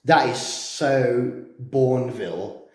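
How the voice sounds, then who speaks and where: Guy, mellow chatty vlogger, explains step by step, echoey room. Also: mid-range voice, takes it slowly. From England. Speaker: cigar vlogger. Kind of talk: casual chat and demonstration. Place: indoors at home.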